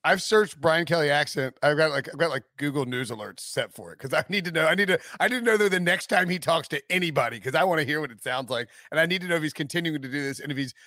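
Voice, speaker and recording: A man co-hosting a casual sports talk show, jokey and animated, asking long rambling questions. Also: a little high, fast talker, hardly any pauses, dry recording, clean studio sound. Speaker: co-host.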